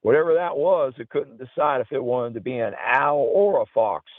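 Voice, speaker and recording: A man voicing a male friend with a deep Southern accent, exclaiming in amazement over a phone-like line. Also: lively intonation, moderate pace, no room sound, natural voice. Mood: amazed.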